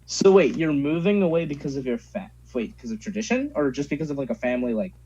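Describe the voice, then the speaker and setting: With a high, very animated voice that is dark in tone and slightly rough, this teen co-host speaks quickly. He teases his friend and rambles through lots of "like" fillers in casual podcast chat, and the sound is dull and lo-fi.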